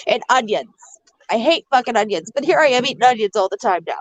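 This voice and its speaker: A young woman whose voice is worn out from being sick chats bluntly and crudely, tossing off jokes at a mid pitch. The sound is close and dry, with no room echo. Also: lively intonation, fast. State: lost her voice, sick. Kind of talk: casual chat.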